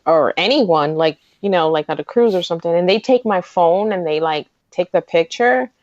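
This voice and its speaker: Excitable rambling woman co-host. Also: on the low side, no room sound, highs cut off. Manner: excitable, rambling, talks fast when excited. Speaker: guest co-host. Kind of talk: casual chat.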